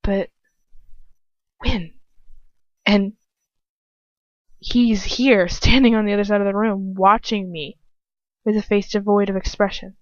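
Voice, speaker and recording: A woman's voice: mid-range voice, fairly even intonation, slow pace, pauses often, no room sound. A woman reading a story aloud in the first person, dramatic and breathless at the tense moments. She breaks off now and then to comment in a casual aside. Her voice sounds dry and a little muffled, like a simple home recording. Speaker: fanfiction reader.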